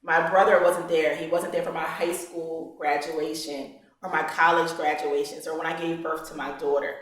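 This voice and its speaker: A woman's voice: sits low, flat delivery, normal speed. A woman, telling a personal story to a gathering in an earnest, present-tense storytelling way. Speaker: invited speaker. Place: meeting hall. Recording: echoey hall from far off.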